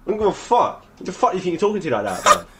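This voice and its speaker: A man's voice: big pitch swings, rapid-fire, very noisy. A man with a British accent, sneering and hurling abuse during an online argument. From United Kingdom. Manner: sneering, abusive, low muttering. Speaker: online opponent.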